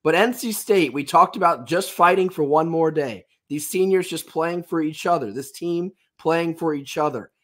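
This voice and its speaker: A man hosting a sports podcast with a raspy, under-the-weather voice, enthusiastic and emphatic. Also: on the high side, normal speed, few pauses, a bit bright. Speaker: podcast host.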